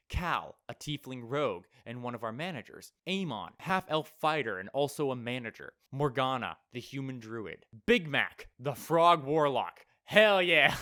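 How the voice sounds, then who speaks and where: A man's voice: medium pitch, a bit bright. A man reading tabletop gaming horror stories aloud as a channel host, breaking off with exasperated, incredulous reactions. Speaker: YouTuber reading reddit stories.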